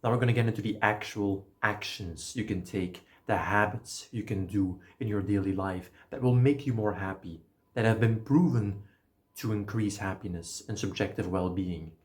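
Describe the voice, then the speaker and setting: A man giving a casual, energetic motivational talk, explaining ideas and swearing now and then. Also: on the low side, moderate pace. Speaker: self-help video creator.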